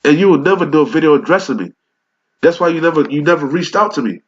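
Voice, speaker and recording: Talking fast with lively intonation in a slightly high voice, a street preacher nursing a cold hurls an angry, profane rebuke and reads scripture aloud in old English. The recording has a dull, lo-fi quality.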